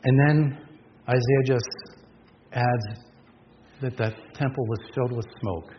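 A man's voice: medium pitch, fairly even intonation, slow pace. A man preaching a sermon, earnest and emphatic, asking the congregation rhetorical questions. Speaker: pastor. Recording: dull lo-fi sound with long reverb and faint noise.

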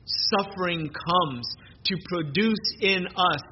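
A man with a high voice takes his sermon slowly, speaking earnestly and repeating words as he restarts sentences. The recording is lo-fi and muffled, with background noise.

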